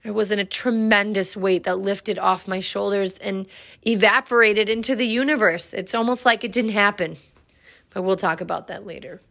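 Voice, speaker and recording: A woman in her thirties, a podcast host, telling a personal story in an earnest, reflective way with dramatic pauses. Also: medium pitch, fairly even intonation, gravelly, fairly bright tone.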